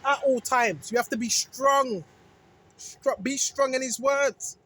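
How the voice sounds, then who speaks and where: Speaking slowly in a high, fairly bright voice over slight background noise, this religious video creator preaches informally to an audience. Phrases get repeated for emphasis, sentences are restarted and self-corrected, and "right?" comes up again and again.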